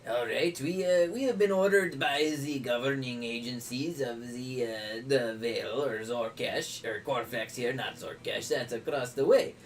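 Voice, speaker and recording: A man's voice: mid-range voice, normal speed, few pauses, distant mic, slight background noise, close to an everyday voice. A man voicing a fussy male halfling innkeeper in a put-on mock French accent, polite and hesitant with many ums.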